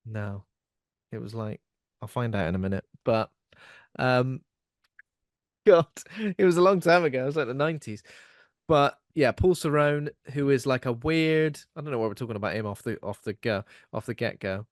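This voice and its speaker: A man's voice: mid-range voice, expressive, moderate pace, no echo. Rambling man, dry sound. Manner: rambling, self-mocking, laughs often. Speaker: podcast co-host. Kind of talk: casual chat.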